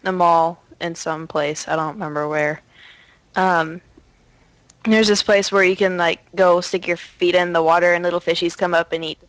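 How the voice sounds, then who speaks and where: A young woman, a podcast guest, telling a quick anecdote in a lively casual way and acting out quotes. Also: lowish voice, dry recording. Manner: animated storytelling with acted-out quotes. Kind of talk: casual chat.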